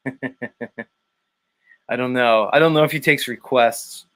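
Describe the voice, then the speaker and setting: A man hosts a morning livestream in casual chat, reading out the chat, laughing a lot, and swearing. His voice is medium in pitch with a fairly bright tone, and he speaks slowly.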